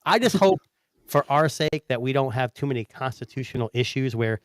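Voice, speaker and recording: A man's voice: medium pitch, animated, brisk, dry recording, clean studio sound. A man co-hosting a podcast in casual chat, joking and easygoing. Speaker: podcast co-host.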